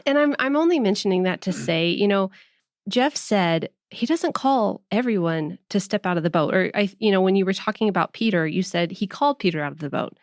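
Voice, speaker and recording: A woman's voice: medium pitch, lively intonation, brisk, no echo, studio quality. A woman hosting a faith podcast, talking in a thoughtful, conversational way. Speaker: podcast host.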